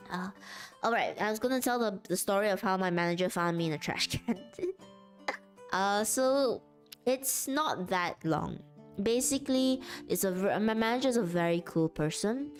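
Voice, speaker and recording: A woman chatting casually on a live stream, rambling and laughing often. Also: medium pitch.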